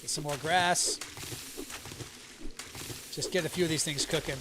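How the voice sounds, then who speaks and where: The streamer's voice is on the high side, steady in tone and unhurried, with background noise present. Originally from the American South, he chats casually with viewers as he plays a survival game live, keeping a neutral American accent unless he gets angry and sounds Southern.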